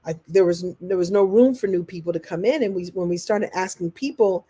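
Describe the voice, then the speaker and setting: A chatty woman coach speaks to her viewers in a live online class. Her voice is mellow and warm, and she is animated and breaks into little laughs. She keeps it conversational, answering questions as they come in. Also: fairly low pitch, brisk, slightly rough. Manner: laughs often while talking.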